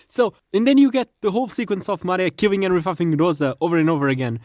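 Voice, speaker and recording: A man's voice: sits high, expressive, fast, a little mellow, no room sound. Hesitant man explaining in a dry room. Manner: hesitant, repeats words and restarts while explaining. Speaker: podcast co-host. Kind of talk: casual podcast chat.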